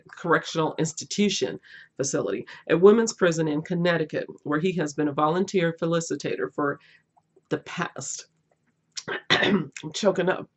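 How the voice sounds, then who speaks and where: A woman's voice: low voice, creaky. A middle-aged woman chatting casually as a book vlogger, gushing and laughing often. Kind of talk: casual chat.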